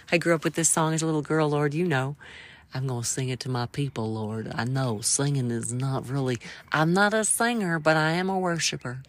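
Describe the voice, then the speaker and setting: A woman with a lowish voice hosts a devotional show, praying out loud for her listeners. She talks in a playful, quirky way and slips into worship song without warning. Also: no echo. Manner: prays and breaks into a cappella worship song. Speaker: host. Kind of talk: devotional encouragement talk.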